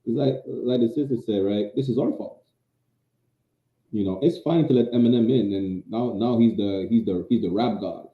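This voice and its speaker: A man with a lowish voice speaks at a moderate pace as a podcast co-host in an argumentative, casual chat, often stammering and restarting. He comes through a tinny, phone-like line with a roomy echo.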